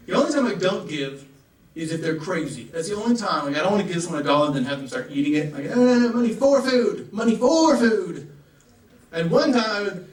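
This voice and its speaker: A young man from the American South performing a stand-up comedy set and acting out characters in raised voices. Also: a little high. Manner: rapid asides, acts out characters in raised voices. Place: comedy club. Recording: roomy club audio from a distant mic.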